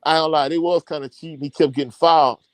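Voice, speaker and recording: A man, a high school coach, telling a long sports anecdote in casual chat with slang and many fillers. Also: steady tone, fast talker, no echo. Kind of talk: casual podcast storytelling.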